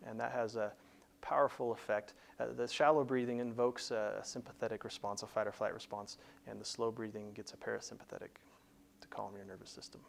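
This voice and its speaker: A man's voice: lowish voice, flat delivery, a little fast, creaky, a little hiss or hum. A man hosting a career advice show, explaining plainly in a conversational teaching style with frequent restarts. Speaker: career coach host.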